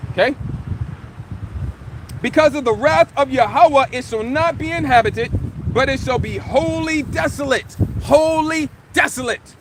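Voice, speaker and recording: A man's voice: extremely high pitch, a little slow, long pauses. A man, teaching scripture live. He talks emphatically, in slangy, repetitive phrases, and walks through each verse line by line. Faint street traffic hums behind him outdoors. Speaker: religious teacher.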